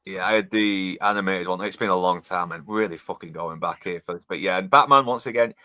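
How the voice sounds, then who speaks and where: A man's voice: low voice, fairly quick, pushed and bright, no echo. A man in a casual watch-along chat, enthusiastic and swearing a lot as he narrates the scene on screen.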